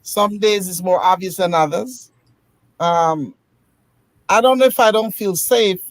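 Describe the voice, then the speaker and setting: A woman on a casual online panel discussion, speaking in a measured way and giving practical advice. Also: medium pitch, no room sound, rough recording. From United States.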